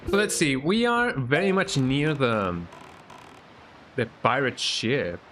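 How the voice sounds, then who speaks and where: Taking it slowly in a medium-pitched voice, a man chats while streaming a video game, with a little hiss or hum in the audio. His talk is relaxed and rambling, many lines ending in "eh?".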